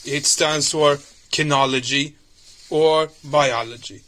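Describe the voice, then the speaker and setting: A bossy, blustering villain, a tar-covered former wrestler, played by a man, explains himself. He speaks slowly. His voice sounds bright and pointed. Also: a little high, steady tone. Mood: explaining. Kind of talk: fan audio drama.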